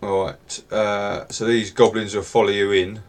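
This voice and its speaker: A man runs a tabletop game in a low voice. His talk is relaxed and rambling, full of ums and asides. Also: a little slow. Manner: relaxed and rambling, with many fillers. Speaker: game master.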